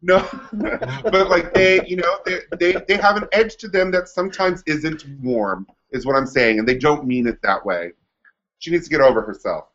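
A man's voice: fairly high pitch, normal speed, a bit bright. A man co-hosting a casual recap chat, with a wry, teasing manner. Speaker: podcast co-host. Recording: dull lo-fi sound.

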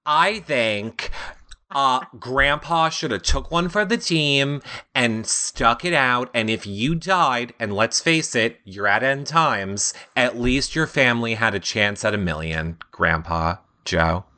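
Woman co-host, comedic recap chat, lively and sharp-toned, prone to goofy impressions. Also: a bass voice, slow. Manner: animated, mocking, breaks into silly whiny impressions. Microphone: live-streamed studio mic.

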